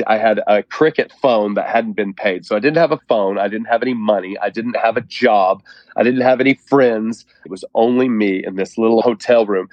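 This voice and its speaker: Earnest low-voiced man. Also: no room sound, muffled recording. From Oklahoma. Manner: earnest, heartfelt storytelling. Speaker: guest. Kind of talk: personal testimony in an interview.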